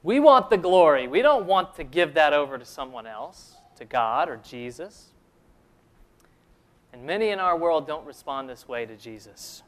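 Earnest preacher man, smooth voice. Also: on the high side, very animated. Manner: earnest preaching, rhetorical questions, slows for emphasis. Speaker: pastor. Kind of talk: sermon.

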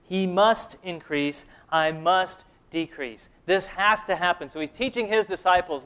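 A man preaching a sermon in an earnest way, asking the listeners questions and slowing down to stress key phrases. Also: sits high, fairly bright tone, clear, resonant tone. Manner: earnest preaching, rhetorical questions, slows for emphasis. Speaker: pastor.

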